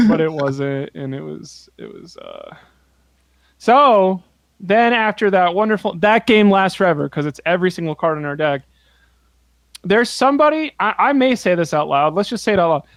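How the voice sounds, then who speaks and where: A man co-hosting a podcast in casual chat, telling an animated story with laughter and swearing, close on the microphone. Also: high-pitched, normal speed, vocal fry, no echo. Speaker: podcast co-host.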